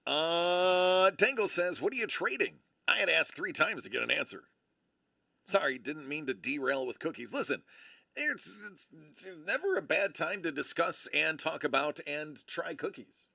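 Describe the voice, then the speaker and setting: A man hosting a livestream, chatting in a rambling, animated way and often correcting himself mid-sentence. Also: on the high side, a little slow, vocal fry. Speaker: livestream host. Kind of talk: casual live-stream chat.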